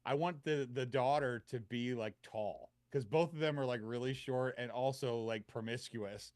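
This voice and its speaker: A man co-hosting a podcast, pitching an idea in casual chat, with many pauses and fillers. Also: darkish tone, dry recording. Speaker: podcast co-host.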